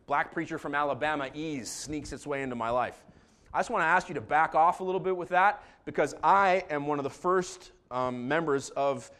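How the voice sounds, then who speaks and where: A man preaching a sermon as pastor, joking and animated, moving between calm asides and loud bursts. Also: on the high side.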